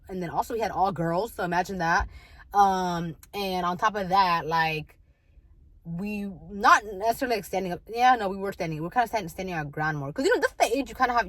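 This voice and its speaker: A woman's voice: lowish voice, no echo, rough recording. A young woman talking candidly in a casual vlog, rambling with many fillers and restarts. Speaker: vlogger.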